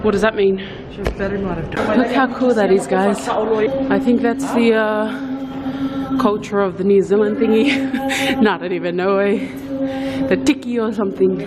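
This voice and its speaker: A woman's voice: fairly high pitch, measured pace, over a noisy crowd. A woman vlogging casually to camera while travelling, chatting to her viewers. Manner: chatty, addresses viewers as guys. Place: travelling through airport and outdoors. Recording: noisy background.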